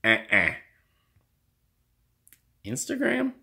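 A middle-aged man talks straight to the camera in a rambling, self-mocking vlog monologue full of folksy country slang. He takes his time, and his voice swings widely, now and then leaping into squeaky, whiny complaints. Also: wildly swooping pitch, extremely slow, vocal fry, pushed and bright. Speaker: vlogger.

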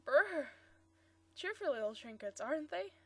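A woman reading the lines of a joking young man with a drawl, in a high voice. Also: big pitch swings, unhurried, no echo.

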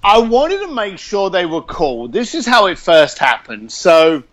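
Interview guest: man with a high voice, blunt, animated storyteller, swears. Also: measured pace. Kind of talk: casual storytelling.

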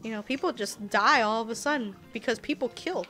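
Tipsy young woman gaming on stream, high voice, swears a lot and giggles, some music in the back. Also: fairly quick. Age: young adult. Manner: rambling, giggly and crude, with sudden loud outbursts. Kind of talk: casual gaming stream chat.

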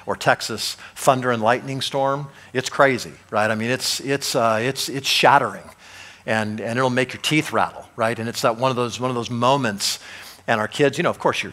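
A middle-aged male pastor preaching a sermon, animated, with many rhetorical questions to the congregation. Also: mid-range voice.

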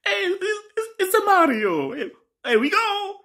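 A man voicing a cheerful, chirpy male plumber hero in an exaggerated, high-pitched impression. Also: sing-song, a little slow, pushed and bright, exaggerated voice.

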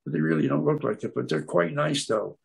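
Gravelly older man telling stories. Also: fairly high pitch, fairly quick. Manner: meandering, searches for words with many fillers. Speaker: guest speaker at an aquarium club. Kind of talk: rambling anecdotal storytelling.

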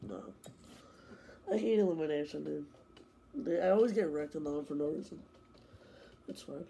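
A young man with a high-pitched, strained voice talks over a racing game he is playing. He grumbles at other players and bursts into excited yelling. A faint hiss sits under the recording. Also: a little fast, gravelly. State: losing his voice. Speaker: gaming streamer. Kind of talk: live gameplay commentary.

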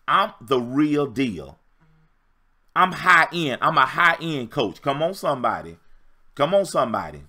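A man's voice: on the high side, sharp tone. A man giving a livestream dating-coach talk, preacher-like, emphatic and repetitive with call and response.

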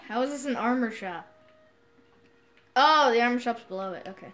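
A woman commentating a video game playthrough, excitable and self-mocking, quick to yell at the game. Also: on the high side. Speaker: gamer. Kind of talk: let's play commentary.

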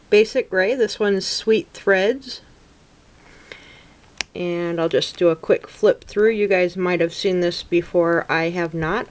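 Slow, gushing woman crafter unboxing gifts. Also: fairly low pitch, slight background noise. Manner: slow, gushing, gasping and near tears with gratitude. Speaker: crafting vlogger opening a gift package. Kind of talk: casual unboxing chat to camera.

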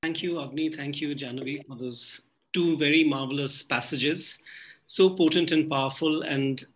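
A man's voice: fairly high pitch, moderate pace, low-quality recording. A man moderating a conversation with authors, speaking in hesitant phrases full of fillers. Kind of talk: literary panel moderation.

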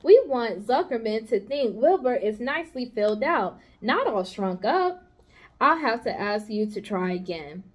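Charlotte, a woman doing a gentle clever spider. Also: fairly high pitch, animated, a little slow. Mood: coaxing. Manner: patient, coaxing, giving orders kindly. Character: gentle, clever female barn spider, patient. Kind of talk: storybook read-aloud.

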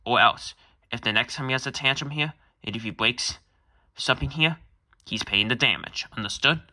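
A man's voice: mid-range voice, normal speed, sharp tone, no room sound. A man playing a stern mall security guard. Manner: formal, bossy and repetitive. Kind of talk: amateur fan animation voice-over.

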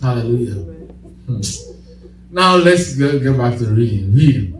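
A man's voice: mid-range voice, animated, measured pace, a little hiss or hum. Preaching man in an echoey hall. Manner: call-and-response preaching, bursts of laughter. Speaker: pastor. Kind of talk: sermon. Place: church. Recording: echoey church hall, distant mic.

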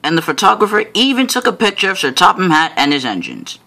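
A man's voice: high voice, big pitch swings, fast, gravelly, pushed and bright. A man narrating a homemade storybook tale about trains, now and then laughing between lines.

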